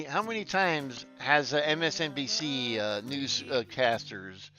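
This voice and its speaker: A man streaming casually, chatty and quick to laugh, swearing freely and stumbling as he reads news and chat aloud. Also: medium pitch, expressive, a bit bright, faint music behind.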